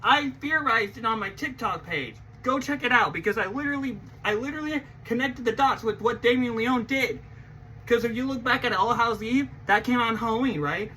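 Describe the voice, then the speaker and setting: A young man hosting a casual reaction vlog, excitable, swinging from mumbling to yelling and swearing often. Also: very high-pitched, brisk, a little hiss or hum, rough recording. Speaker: channel host reacting to a movie trailer.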